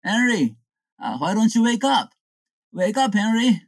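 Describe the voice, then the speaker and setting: Lively woman storyteller. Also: fairly high pitch, a little slow, no echo. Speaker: comic storyteller. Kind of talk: comic storytelling.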